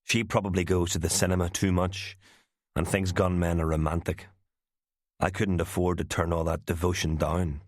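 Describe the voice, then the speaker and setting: A man reading the part of a charming, calculating gunman on the run, with a smooth, persuasive manner. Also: sits low, little pitch movement, moderate pace, dry recording, studio quality. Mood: calm.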